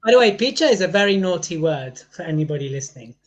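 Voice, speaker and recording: A man's voice: high voice, very animated, a crowd in the background. A man hosting a podcast, teasing his co-host and moving the interview along. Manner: teasing, quick-witted.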